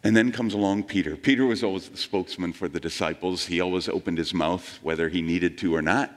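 A man preaching a sermon, telling the story with animated quoted voices. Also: low voice, brisk, long reverb tail. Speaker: pastor.

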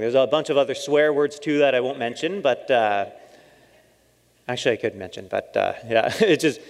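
A man giving a lively storytelling talk as a missionary, acting out his own quoted lines and laughing often. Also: medium pitch. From Canada. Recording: long hall reverb.

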